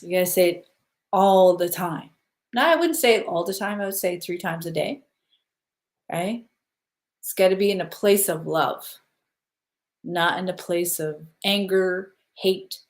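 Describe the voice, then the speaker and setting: Woman, lowish voice, casual spiritual guidance, soothing, repeats "okay?". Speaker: spiritual live-stream host. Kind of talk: casual guided spiritual talk.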